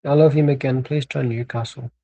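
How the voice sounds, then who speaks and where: Young guy rambling thru a football watchalong, kinda gravelly and husky, mellow low-key tone, jokey asides. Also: fairly even intonation, fairly quick, no echo, low-quality recording. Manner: rambling, joking banter with asides. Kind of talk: casual live match commentary.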